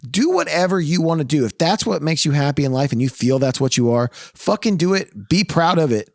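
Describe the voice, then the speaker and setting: A man's voice: a little high, quick pace, a little mellow, dry recording, clean studio sound. A man co-hosting a podcast in casual chat, ranting heatedly and swearing a lot. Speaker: podcast co-host. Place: podcast studio.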